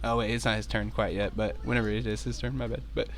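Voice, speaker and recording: A man's voice: fairly low pitch, flat delivery, fast, slight background noise. A young man in a casual, rambling way running an online tabletop game as game master, laughing often.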